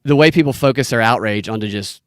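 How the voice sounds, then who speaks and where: A man's voice: mid-range voice, quick pace, clear, resonant tone, no room sound. Male podcast host, rambling casual storyteller, mid voice, dry and close. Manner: rambling storyteller, lots of restarts.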